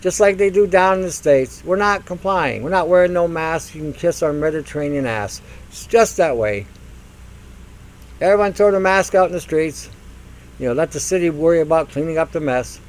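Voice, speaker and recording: A man's voice: a little high, normal speed, a little mellow, low-quality recording. An older man hosting a radio talk show, ranting in a mocking monologue and acting out silly voices. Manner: mocking, acts out silly voices, laughs at own jokes.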